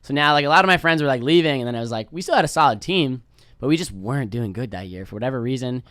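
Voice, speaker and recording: A man's voice: medium pitch, lively intonation, racing, a bit bright, no echo, clean studio sound. A young man from New York, a podcast guest telling rambling, laid-back stories and swearing freely. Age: young adult. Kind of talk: casual storytelling chat.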